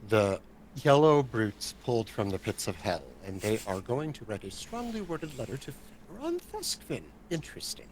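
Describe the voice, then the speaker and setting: A man voicing a calm, scheming adventurer who speaks in a quiet, musing, measured way. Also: mid-range voice, a little hiss or hum.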